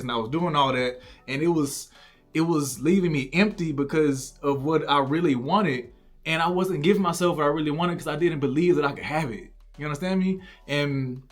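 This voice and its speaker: A man's voice: mid-range voice, a bit bright. A young man candidly telling a personal story, rambling and reflective, full of "like" and restarts. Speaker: content creator.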